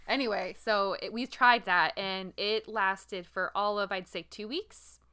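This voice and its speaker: A woman in her thirties, a podcast co-host chatting casually about parenting, animated, laughing often and swearing casually. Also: medium pitch, measured pace, smooth. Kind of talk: casual chat.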